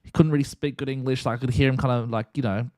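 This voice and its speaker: A young man tells a story on his live stream in a chatty, animated way, slipping into the voices of the people in it. His voice sits at a middle pitch. It sounds dry and close, with no room around it. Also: fast, no room sound. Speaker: streamer and host.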